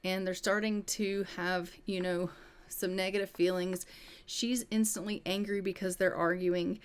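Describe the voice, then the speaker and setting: A woman's voice: medium pitch, flat delivery, a little slow, smooth. A woman casually narrating her life-sim gameplay as host, chatty and full of "you know" and "um".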